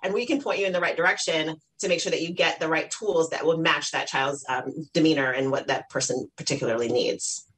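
A woman's voice: low voice, a little fast, hardly any pauses, husky, poor audio. A mother interviewed as an expert on children's self-esteem, talking casually and acting out little scenes with her kids. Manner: lively, warm, plugs her online academy, acts out quotes.

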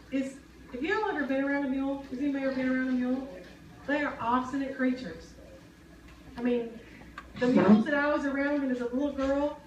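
Woman preacher, high voice, roomy hall sound from a distance. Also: slight background noise. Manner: earnest, conversational, asks the crowd questions. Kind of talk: sermon. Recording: echoey hall, mic at a distance.

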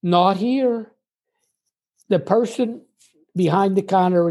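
Mellow-voiced older American man telling stories. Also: high-pitched, steady tone. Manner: measured, explanatory, tells anecdotes. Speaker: guest. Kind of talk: conversational interview storytelling.

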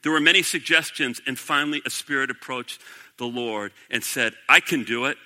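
A man's voice: mid-range voice, moderate pace, sharp tone, big-room sound. A man preaching a sermon, reading scripture aloud and breaking off to comment, rising to emphatic declarations. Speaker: pastor.

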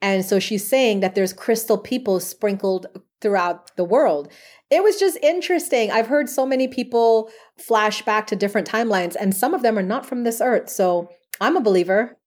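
A woman's voice: medium pitch, normal speed, darkish tone. A woman speaking as a podcast guest, telling stories about her work as a past life regression therapist in an earnest, chatty way with frequent fillers. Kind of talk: conversational interview answers.

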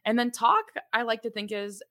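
A woman's voice: fairly high pitch, moderate pace, a bit bright. A young adult woman co-hosting a parenting podcast, explaining things in a chatty, casual way with frequent laughs and fillers. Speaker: podcast co-host.

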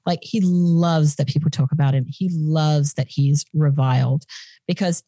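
Low-voiced woman telling a crime story. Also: steady tone, measured pace, warm tone, dry recording. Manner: chatty, blunt, swears casually. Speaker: podcast host. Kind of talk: casual true-crime storytelling.

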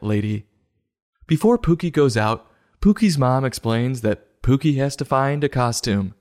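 A man hosting a comic book review show, delivering mock-serious, sarcastic commentary in a deadpan way. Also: mid-range voice. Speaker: host.

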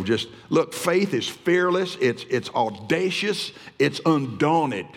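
A man preaching a fervent, emphatic sermon, often restarting his phrases. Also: mid-range voice. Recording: long hall reverb.

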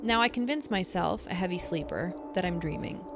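A young adult woman co-hosting a podcast, reading a scary story and then chatting, with animated, halting storytelling full of fillers. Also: lowish voice, noisy background. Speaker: podcast co-host. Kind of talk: casual chat and story reading.

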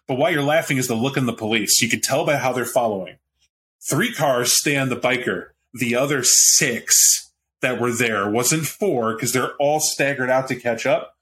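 A man's voice: medium pitch, a bit bright, slight background noise. A man narrating a tabletop role-playing game as game master, in a casual, rambling way.

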